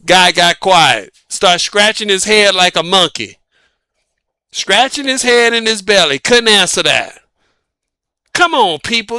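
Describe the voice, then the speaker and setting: A man's voice: animated, slow pace, long pauses, pushed and bright, clean tone, dry recording. A man with a Southern US accent hosting a dating advice channel, giving an opinionated monologue full of rhetorical questions that he answers himself. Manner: emphatic, asks rhetorical questions and answers them, punctuates points with "boom".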